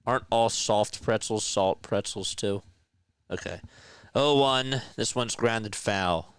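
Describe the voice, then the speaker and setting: A man streaming live play-by-play of a ball game, chatting with viewers between pitches and getting excited on big hits. He sounds tired and yawns now and then. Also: slow, clean tone, no room sound. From South Jersey, US. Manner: chatty, reads viewer comments aloud, rises to excited calls on big plays. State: tired, yawning. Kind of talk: live fan play-by-play with chat reading.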